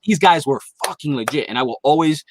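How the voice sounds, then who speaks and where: A man's voice: a little high, fast, noisy background. A man guest on a podcast, telling a long, profanity-heavy story in casual chat. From Philadelphia area.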